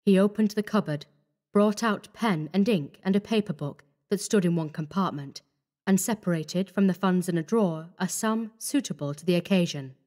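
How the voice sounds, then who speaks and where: A woman narrating a horror story in a measured, grave manner. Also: on the low side, a little mellow.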